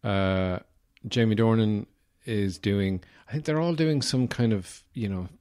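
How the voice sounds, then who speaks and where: Irish male podcast host, lowish voice, casual rambling delivery, filler-heavy, dry self-mocking humor. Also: measured pace, a little mellow. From Ireland. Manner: rambling and digressive, many "uh" fillers; wry, self-deprecating humor. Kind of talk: casual solo podcast talk.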